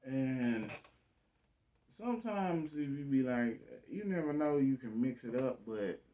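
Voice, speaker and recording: A man's voice: medium pitch, expressive, moderate pace, warm tone. A man giving casual reaction commentary on a debate clip, blunt, slangy and profane, talking over the clip.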